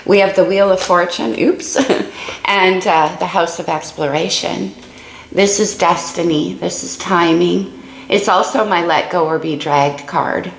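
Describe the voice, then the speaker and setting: A woman with a creaky morning voice doing a casual tarot reading, musing and exclaiming as she turns the cards. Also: on the low side, measured pace, echoey room, low-quality recording. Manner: musing and exclamatory, thinking aloud over cards. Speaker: tarot reader.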